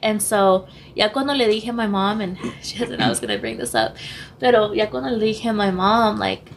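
A young woman with a hoarse voice, a podcast guest speaking candidly and haltingly, switching languages mid-sentence. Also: medium pitch, expressive, slight background noise. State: losing her voice, hoarse. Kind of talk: candid personal interview.

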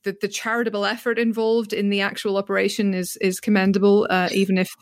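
A woman hosting a podcast in casual chat, lively and playful, with her voice jumping up in pitch when she gets excited. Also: fast talker, no room sound, clean studio sound. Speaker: podcast host.

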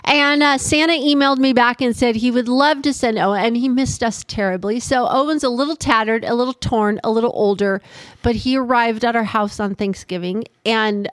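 An older woman with a fairly high voice, recorded close and dry with no room sound. She chats easily and laughs her way through family anecdotes. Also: normal speed, no echo. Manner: chatty, laughs often while telling stories. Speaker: podcast co-host. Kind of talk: casual storytelling chat.

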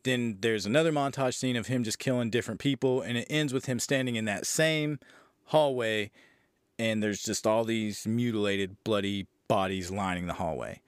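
A man's voice: fairly low pitch, moderate pace, smooth, no room sound, clean studio sound. A man hosting a podcast, casually retelling a movie's plot with profanity, sarcasm and disbelief. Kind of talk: casual movie review recap.

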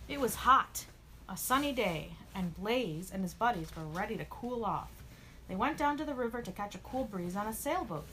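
A woman reads a children's storybook aloud with expressive, animated narration. Her voice sits at a medium pitch and moves at a normal speed, with a little background noise.

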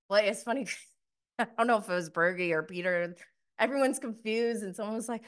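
A woman's voice: medium pitch, moderate pace. A woman giving a casual recap review of a TV episode, gushing, giggly and exasperated by turns. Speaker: TV show reviewer.

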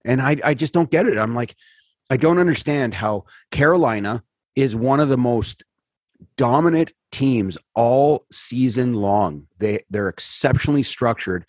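A man's voice: mid-range voice, expressive, measured pace, no echo. A man co-hosting a podcast, ranting in casual sports chat, exasperated and swearing, his voice leaping up when he gets worked up. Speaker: podcast co-host.

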